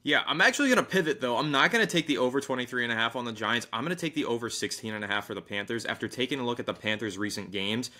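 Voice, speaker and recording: A man's voice: medium pitch, racing, hardly any pauses, bright, forceful tone. A man co-hosting a sports podcast, chatting casually about football picks and betting lines. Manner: enthusiastic, reads sponsor plug.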